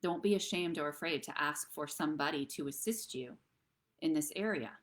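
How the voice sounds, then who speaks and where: Woman, deep voice, encouraging host, talks directly to viewers, earnest advice. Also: moderate pace. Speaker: host and therapist. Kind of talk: live online talk show advice.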